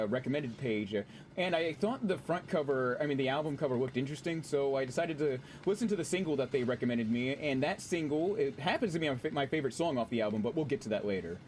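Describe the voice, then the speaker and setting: A man streaming a game, chatting casually with his audience in an excitable, chatty way and swearing freely. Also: medium pitch, quick pace, a little hiss or hum. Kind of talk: casual gameplay commentary.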